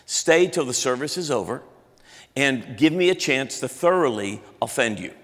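A man's voice: medium pitch, lively intonation, moderate pace, a bit bright, big-room sound. A man in his fifties preaching a sermon as pastor, in a loose, chatty way, often restarting his sentences. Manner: conversational, self-interrupting, frequent restarts.

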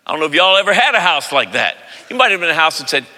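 A man in his fifties preaching a sermon as pastor, telling stories with animated, loud impressions of family voices. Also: on the high side, very fast, slight background noise. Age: 50s. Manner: animated storytelling, mimics voices loudly. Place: large church sanctuary. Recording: long hall reverb.

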